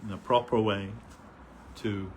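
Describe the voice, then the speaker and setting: Earnest man preaching with halting pauses. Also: fairly low pitch, fairly even intonation, a little mellow, slight background noise. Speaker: devotee giving a festival talk. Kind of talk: sermon.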